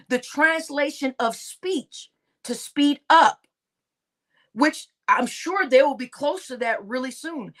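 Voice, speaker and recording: A woman's voice: high voice, a bit bright. A woman hosting a casual livestream monologue, emphatic, often repeating words and asking "right?". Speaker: host of a conspiracy talk stream.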